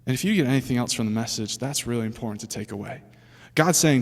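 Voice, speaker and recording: A young man preaching a sermon to a room, animated and chatty, with laughing asides and questions for the audience. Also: mid-range voice, quick pace. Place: church hall with an audience. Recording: long hall reverb.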